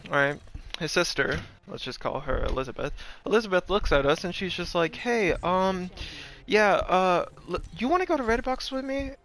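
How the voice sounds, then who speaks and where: A man's voice: medium pitch, vocal fry, sharp tone, a little hiss or hum. A man telling a rambling, profane story in a casual way, with lots of fillers. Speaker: streamer.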